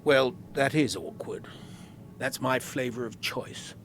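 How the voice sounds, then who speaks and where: An actor playing a stiff British army captain who answers in a clipped, defensive manner. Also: male voice, medium pitch, takes it slowly, a little hiss or hum, lightly acted.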